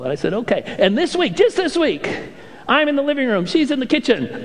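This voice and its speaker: High-voiced animated pastor in an echoey hall. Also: male voice, fairly quick. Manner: animated storytelling with playful impressions. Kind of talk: sermon.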